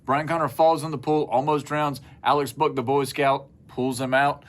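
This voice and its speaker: A man's voice: mid-range voice, little pitch movement, moderate pace. A man telling stories as co-host of a casual chat show, acting out voices from his childhood. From South Carolina. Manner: storytelling, acts out childhood voices. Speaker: podcast co-host. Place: small studio room.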